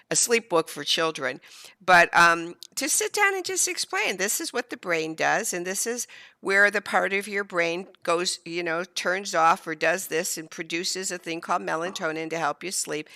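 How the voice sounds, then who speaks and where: A woman in her fifties tells a parenting story as a sleep educator. Her voice is bright with a gravelly edge, and she acts out the dialogue with spirit. The sound is close and dry. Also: fairly low pitch, no echo. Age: 50s. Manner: animated, acts out quoted dialogue. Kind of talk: casual interview storytelling.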